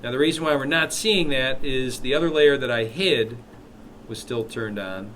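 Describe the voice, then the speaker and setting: A man teaching a live software class, walking students through steps with chatty, joking asides. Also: mid-range voice, moderate pace, a little hiss or hum. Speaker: instructor.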